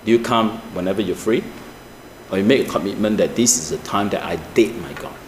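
A male pastor, preaching with animated swings from high emphatic peaks to low asides, asking the congregation rhetorical questions. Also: fairly quick, a little hiss or hum. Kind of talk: sermon. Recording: echoey church room with faint ambience.

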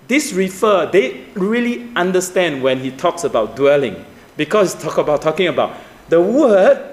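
A man's voice: a little high, echoey room. A man preaching a sermon, asking the listeners questions, with slightly non-native grammar. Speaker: pastor.

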